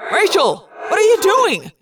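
A woman voicing a teenage boy who leads the group, shouting urgent orders. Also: very high voice, wildly swooping pitch, unhurried, background noise, pitched above the performer's own voice, full character voice.

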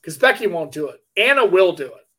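A middle-aged American man co-hosting a podcast, talking in an excitable way, swearing freely and laughing often. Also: sits high, fairly quick, husky. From United States. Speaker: podcast co-host. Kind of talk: casual chat.

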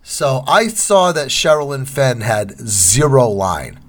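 A man co-hosting a podcast in casual chat, an animated storyteller. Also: mid-range voice, slow pace. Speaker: podcast co-host.

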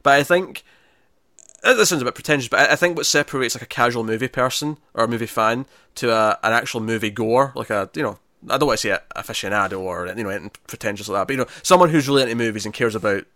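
With no room sound at all, a man's pushed, bright, mid-range voice comes through fast. He co-hosts a laid-back movie-ranking podcast, talking with enthusiasm, laughing a lot, and restarting what he's saying.

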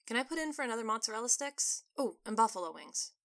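A woman voicing a loud, excitable male football fan who whoops at the TV. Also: fairly high pitch, fast talker. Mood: friendly. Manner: whooping, yelling at the TV.

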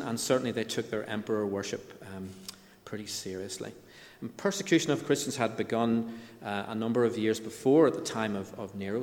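A middle-aged man preaching a sermon in a conversational way, with asides and restarts. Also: on the low side. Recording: long hall reverb.

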